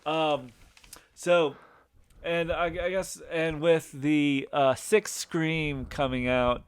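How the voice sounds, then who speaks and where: A man's voice: a little high, steady tone, slow pace, clean tone, dry recording. A man in his thirties hosting a podcast in casual chat, rambling along with many restarts. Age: 30s. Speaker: podcast host.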